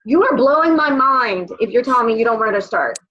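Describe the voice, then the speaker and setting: Blunt, high-voiced woman leading a team call. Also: animated, quick pace, a bit bright, dull audio, slight background noise. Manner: blunt, swears, tough-love pep talk. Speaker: sales team leader. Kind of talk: casual motivational team call.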